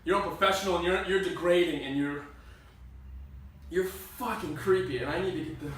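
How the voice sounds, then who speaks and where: A man playing an eager, halting young actor. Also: high voice, natural voice. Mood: angry. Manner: hesitant, eager, halting restarts. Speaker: auditioning actor. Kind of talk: comedy sketch acting. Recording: distant mic, very echoey room, faint hiss.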